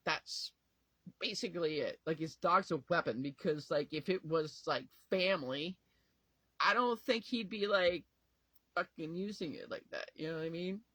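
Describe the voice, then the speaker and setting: A man's voice: on the high side, moderate pace, pushed and bright, dry recording, poor audio. A tired man venting to camera at home in a rambling, profane, emotional way, often trailing off and restarting. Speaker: vlogger. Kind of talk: casual talk to camera.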